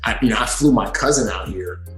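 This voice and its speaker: A man from western Africa who grew up in New York, telling his story as a podcast guest in an animated way with many restarts. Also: lowish voice, a little fast, reverberant, soft background music. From western Africa, raised in New York City. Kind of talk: storytelling in a casual interview.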